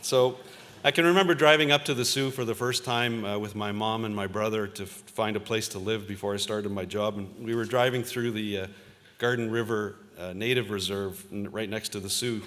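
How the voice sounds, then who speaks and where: A fairly low-voiced man in his fifties gives a convocation speech from a podium. He tells stories from his career in an easygoing, self-deprecating manner and often pauses on "uh". The sound carries a long reverb from a large hall. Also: steady tone, fairly bright tone. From Ontario, Canada. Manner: conversational storytelling, self-deprecating, with frequent uh fillers. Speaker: convocation speaker, journalist. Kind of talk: convocation address with personal stories.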